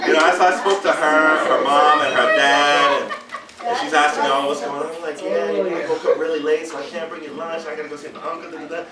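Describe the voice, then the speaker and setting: A man casually telling a group how he got engaged, animated, acting out what everyone said and often laughing. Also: a little high, fast talker, a loud crowd. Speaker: groom-to-be telling his engagement story. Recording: roomy, mic far off.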